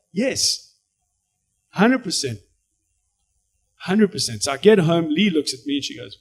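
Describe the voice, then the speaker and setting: A South African man tells his story of faith to a church. He speaks in a slightly high, animated voice and acts out each scene as it comes. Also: moderate pace, husky. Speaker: actor giving a testimony. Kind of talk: church testimony.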